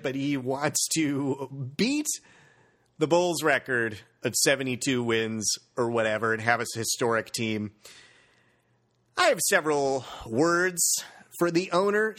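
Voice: mid-range voice, fairly bright tone. A sports podcast host giving a blunt, profane rant in casual talk about basketball and the upcoming schedule.

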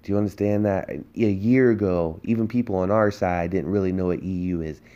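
Low-voiced man ranting on a podcast. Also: brisk, warm tone, lo-fi sound. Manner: heated, emphatic ranting with rhetorical questions. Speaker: podcast host. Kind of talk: political podcast monologue.

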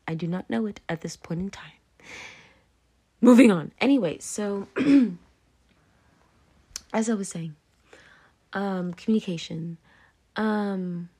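Tipsy, gravelly-voiced woman rambling. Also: lowish voice, warm tone. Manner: rambling, keeps saying "anyway, moving on"; loose, laughing, drifts into whispers. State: tipsy, drunk. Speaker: podcast host. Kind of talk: casual rambling monologue.

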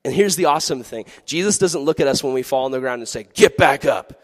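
A man giving a youth sermon in a lively, animated way, acting out quoted voices. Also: medium pitch, fast talker. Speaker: youth pastor. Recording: long hall reverb.

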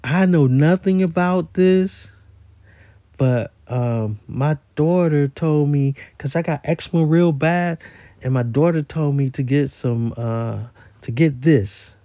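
A man voicing a nervous woman customer who apologizes and asks for help in a hesitant, soft way. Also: on the high side, slow, dry recording, studio quality.

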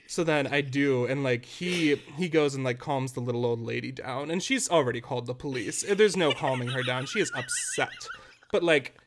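A young man, a podcast co-host, telling a story in a casual, animated, dramatic way that keeps breaking into laughter. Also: medium pitch, moderate pace, noisy background.

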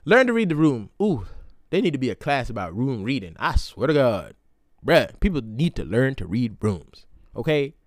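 Animated slangy young man podcasting. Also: normal speed, no room sound, studio quality. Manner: slangy, animated, jumps into loud high voices when acting out others. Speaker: podcast host. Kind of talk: casual solo podcast monologue. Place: indoor room.

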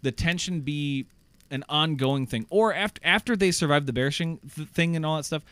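A man casually recapping a movie plot on a podcast, rambling and animated, swearing and acting out lines of dialogue. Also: a little high, moderate pace, smooth, no room sound. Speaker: podcast co-host.

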